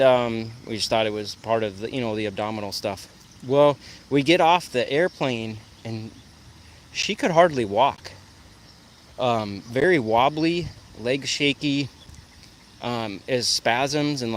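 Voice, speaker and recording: A man hosting a casual livestream outdoors, chatting to viewers and cooing at his dog in a lighter sing-song voice. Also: medium pitch. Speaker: livestream host. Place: outdoors in the shade by a pool. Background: faint outdoor sounds and geese.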